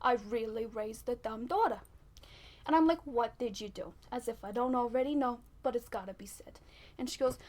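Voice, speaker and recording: A woman playing a blunt, sassy middle-aged housewife with a Brooklyn New York accent, in a deadpan mockumentary interview. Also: sits high. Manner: sassy, blunt, snaps at people off camera.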